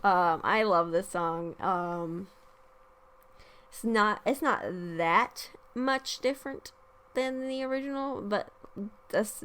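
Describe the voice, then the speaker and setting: A young woman hosting a casual solo podcast, chatting about songs with many ums and restarts and singing short quoted lines. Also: fairly low pitch. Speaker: podcast host, music reviewer.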